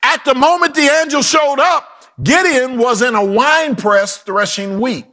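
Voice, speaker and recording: A man preaching a sermon with humor and asides, swinging from shouts to hushed quoted lines. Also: very high-pitched, a little slow.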